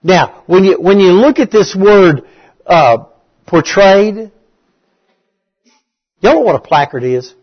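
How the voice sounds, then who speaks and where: A man's voice: sits high, expressive, takes it slowly, long pauses, slightly rough, lo-fi sound. A man preaching a conversational bible study, asking his listeners questions and repeating key words.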